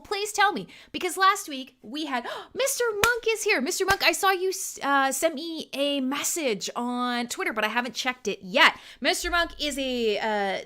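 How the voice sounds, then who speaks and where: A woman's voice: on the high side, pushed and bright. A Canadian woman hosting a live radio stream, chatting casually and irreverently with listeners, swearing freely and laughing often. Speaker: radio show host.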